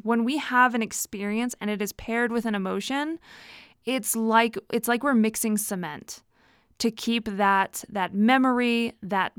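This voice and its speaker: A woman's voice: a little high, smooth, dry recording, clean studio sound. A woman hosting a casual solo podcast, chatty and reflective, laughing often and talking with lots of fillers. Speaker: podcast host.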